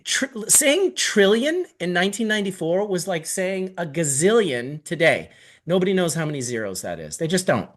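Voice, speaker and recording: A middle-aged man from Canada, telling a long story in casual podcast chat, animated and full of swearing. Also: high voice, moderate pace. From Canada (Manitoba). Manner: animated, profane, rambling storyteller.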